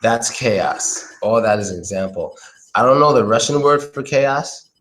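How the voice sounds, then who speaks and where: A man's voice: medium pitch, lively intonation, measured pace, a bit bright, slight background noise, low-quality recording. An American man giving a casual, chatty English pronunciation lesson, often repeating his phrases. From United States. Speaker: English teacher. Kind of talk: casual live-stream lesson.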